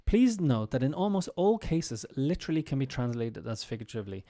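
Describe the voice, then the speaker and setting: A man teaching English in a relaxed live-streamed chat, his voice warm and mellow at a middle pitch. He talks through each point step by step, often pausing on ums and restarting his sentences. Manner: explanatory, with frequent ums and restarts. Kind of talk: casual live-streamed lesson.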